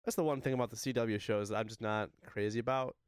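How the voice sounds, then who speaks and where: A laid-back man in casual podcast talk, a little hesitant. His voice is smooth and resonant, recorded dry and close. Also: lowish voice, steady tone, fast, no room sound. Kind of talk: casual chat.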